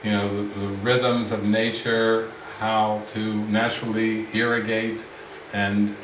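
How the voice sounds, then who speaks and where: A man leading a spiritual retreat discussion, speaking slowly and reflectively with frequent restarts. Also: on the low side, little pitch movement, background noise. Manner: slow, reflective, many restarts. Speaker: spiritual teacher. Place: retreat room with a group. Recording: roomy sound from the mic's distance.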